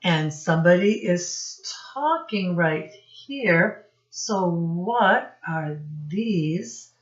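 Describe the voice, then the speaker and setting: Woman, children's storyteller, teacherly, asks questions, very slow, echoey room, dull lo-fi audio. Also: on the low side, expressive. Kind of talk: reading a picture book aloud to children.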